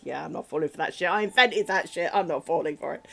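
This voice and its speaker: A woman's voice: low-pitched, fast talker, gravelly, exaggerated voice. A woman voicing a cheeky, smug female dog who raises fake alarms and brushes off her brother. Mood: dismissive. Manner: sing-song alarm, then flat and dismissive.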